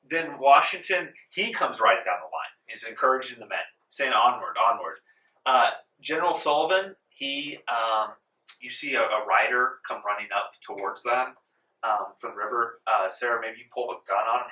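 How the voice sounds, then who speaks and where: A man's voice: on the low side, sharp tone. A man narrating as game master of a tabletop game in a casual style, with plenty of "um" and "like", recorded in a library meeting room. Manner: casual, filler-heavy narration. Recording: roomy room, distant mic.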